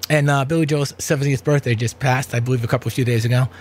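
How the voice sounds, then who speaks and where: Talking quickly in a steady, mid-range voice, a man hosts a home talk show in a room with an air conditioner. As a podcast host, he rambles casually, drifting through asides with plenty of fillers.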